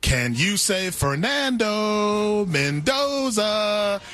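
A man co-hosting a sports show, previewing football games in an animated hype-man announcer delivery. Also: high-pitched, extremely slow, soft background music. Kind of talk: playful sports segment previews.

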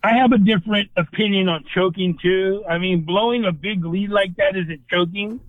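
A man's voice: high voice, moderate pace, no echo. A man calling into a sports radio show, opinionated and argumentative. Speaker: regular caller. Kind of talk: phone-in sports debate. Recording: tinny phone line.

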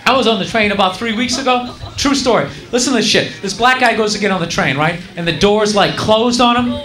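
High-voiced man doing rambling stand-up. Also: brisk. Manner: rambling, animated storytelling with crude asides. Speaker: stand-up comedian. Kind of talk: stand-up comedy set. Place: comedy club with live audience. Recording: echoey comedy club with loud audience.

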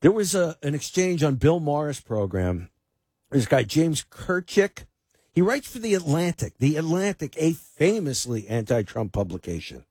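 A male radio host with a somewhat husky voice delivers pointed political commentary. His speech is emphatic, with restarts and repeated words. The sound is close and dry. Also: on the high side, sing-song, moderate pace, a little mellow, dry recording. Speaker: fill-in radio talk host.

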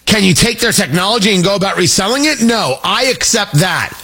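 A middle-aged man hosting a talk radio show, animated and jokey, wandering off on tangents. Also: sits high, brisk, husky. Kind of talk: opinionated talk radio monologue.

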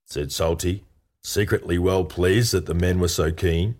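A man with a fairly low voice reads a comic pirate yarn aloud. His delivery is playful and tongue-in-cheek, in the manner of a scripted storybook narration. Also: steady tone, unhurried, a little mellow.

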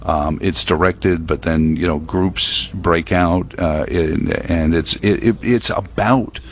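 Deep low-voiced radio host guy, rambly and opinionated, faint room hum behind him. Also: fairly even intonation, slow. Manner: rambling, filler-heavy, opinionated. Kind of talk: casual talk radio chat. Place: broadcast booth at a prayer meeting venue.

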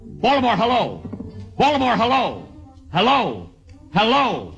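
A man's voice: high voice, huge pitch swings, a little slow, vocal fry, fairly bright tone, slightly rough, dull audio, faint music behind, heavily acted. An actor playing a pompous male inventor who keeps repeating himself in exasperation, in 1940s radio comedy style. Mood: exasperated. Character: pompous male inventor demonstrating his telephone.

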